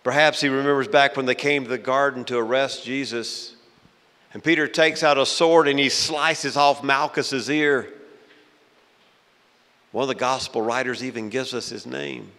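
A male pastor preaching a sermon in a church, dramatic and swinging between loud and hushed. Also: medium pitch, fairly even intonation, normal speed. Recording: long hall reverb.

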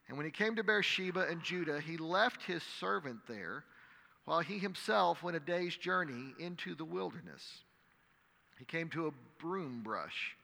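Preacher guy reading scripture, kinda high, raspy edge, big dramatic swings. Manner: dramatic reading, rising to loud cries in quoted prayers. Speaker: pastor. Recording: long hall reverb.

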